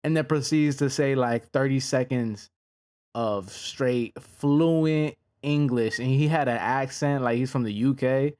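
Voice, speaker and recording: A man talks through a night of fights in a relaxed, slang-heavy reaction style, often pausing with an "um" before moving on. His voice sits at an ordinary middle pitch. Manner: laid-back, slangy, many "um" pauses. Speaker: host reviewing fight results. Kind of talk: casual reaction commentary.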